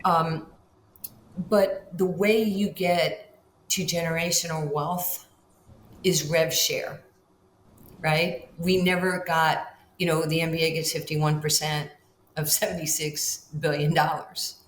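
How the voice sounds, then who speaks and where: Animated older New woman, echoey room. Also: takes it slowly. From Far Rockaway, Queens, New York. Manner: animated, acts out quoted dialogue with big jumps in pitch. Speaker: guest, basketball Hall of Famer. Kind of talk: storytelling in a podcast interview. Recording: echoey room with faint ambient noise.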